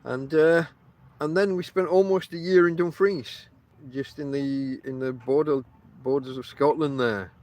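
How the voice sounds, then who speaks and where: This middle-aged Englishman has a fairly high, darkish voice with fairly even intonation, a measured pace and few pauses. Hosting a casual podcast outside on the coast, he rambles through stories in his mixed Yorkshire and Lancashire northern accent, talking directly to listeners with lots of ums and restarts.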